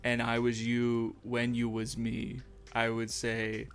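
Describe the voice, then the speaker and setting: Male streamer, casual and rambling, self-mocking humor, gravelly voice, into a streaming mic. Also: mid-range voice, completely flat delivery, slow, few pauses, soft background music. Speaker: streamer drawing live. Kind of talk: casual livestream chat while animating. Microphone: streaming microphone.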